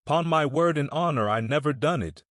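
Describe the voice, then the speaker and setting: A terrified village drifter, as a male narrator voices him begs and sobs in plain rustic speech. The voice sits higher and pushes louder than the narration. It is heard in a dry, close storybook reading. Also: expressive, normal speed, dry recording. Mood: pleading. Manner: sobbing, pleading, rustic speech. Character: frightened, broken middle-aged village drifter accused of murder.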